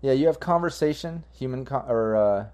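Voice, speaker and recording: A man's voice: medium pitch, animated, normal speed, mellow. Casual, profane man game master. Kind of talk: narrating a tabletop game.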